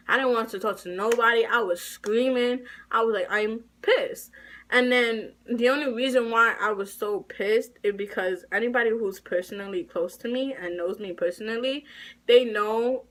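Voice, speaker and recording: A teenage girl retells a story from school in casual, unscripted chat. She acts out every line of the exchange herself and turns shrill and squeaky when she recounts her own disbelief. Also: normal speed, a bit bright. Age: teens. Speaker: high school student.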